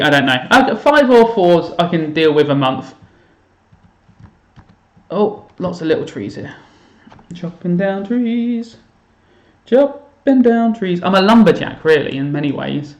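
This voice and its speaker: Streaming from a room in his house, a male teacher plays a game for his students and chats loosely, mocking himself and thinking out loud. His pitch is fairly high, and the sound is reverberant.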